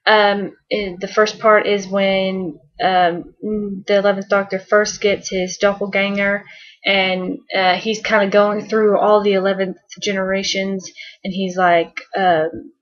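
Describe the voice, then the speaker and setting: A young-sounding woman chats her way through a fan countdown, bubbly and rambling, full of "um"s and soft giggles. Her voice sits at an ordinary middle pitch. The home recording sounds dull and lo-fi. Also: flat delivery, unhurried. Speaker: vlogger. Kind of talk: casual fan countdown chat.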